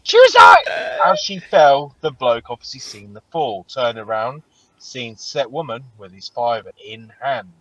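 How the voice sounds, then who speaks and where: A podcast co-host tells stories animatedly and swears heavily during a casual chat. He has a medium-pitched voice and an unhurried pace, and the audio sounds dull.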